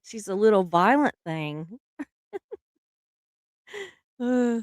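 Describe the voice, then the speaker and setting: A woman's voice: lowish voice, expressive, measured pace, no room sound, studio quality. A middle-aged woman, hosting a casual live stream, chatty and laughing often, trailing off mid-sentence.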